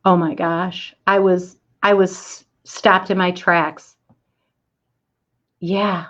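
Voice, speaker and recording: A middle-aged woman telling a personal story in a talk, acting out the quoted voices in an animated way. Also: lowish voice, very slow. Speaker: speaker giving a talk. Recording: dull lo-fi audio.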